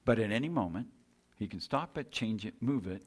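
A man's voice: fairly low pitch, lively intonation, brisk, breathy edge. A man preaching a sermon, retelling a scripture story in a conversational way with rhetorical questions and frequent restarts.

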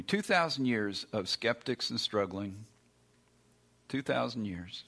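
A man preaching with a bright, forceful voice at a middle pitch. He speaks emphatically and repeats key lines. He puts on the voices of grumbling doubters to make his point. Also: expressive, slow pace, vocal fry. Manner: emphatic, repeats lines, acts out complaining listeners. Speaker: pastor. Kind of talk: sermon.

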